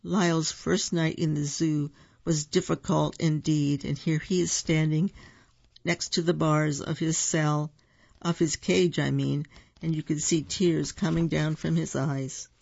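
Reading a picture book at a leisurely pace, this gravelly-voiced narrator breaks off now and then to comment on the pictures. His mid-range, darkish voice stays fairly flat in pitch, and the audio is dull and lo-fi.

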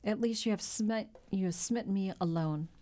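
A woman's voice: medium pitch, normal speed, dark tone, lightly acted. A woman voicing an anxious middle-aged male shipowner in an audiobook, speaking with strain. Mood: resigned. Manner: shaken, strained speech. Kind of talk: audiobook character voice.

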